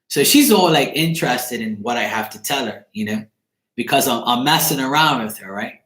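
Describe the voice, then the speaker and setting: Chat host, man, mid-pitched voice, casual and animated, swears freely; echoey room. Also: normal speed. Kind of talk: casual storytelling.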